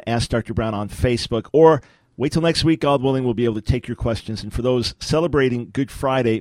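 A man's voice: mid-range voice, darkish tone, no room sound. A man hosting a radio talk show, teaching in an emphatic, lecturing way with rhetorical questions, speaking from a radio studio.

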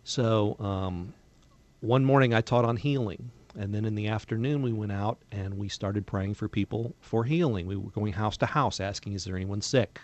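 A man's voice: lowish voice, moderate pace, dull audio. A man from America, a missionary guest telling testimony stories in a radio studio, earnest and quoting dialogue plainly. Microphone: studio microphone.

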